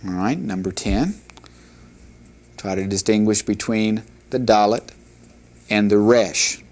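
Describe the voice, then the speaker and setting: A man teaching a Hebrew reading lesson, sounding out practice words one at a time with long pauses and stopping to correct himself. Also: lowish voice, darkish tone.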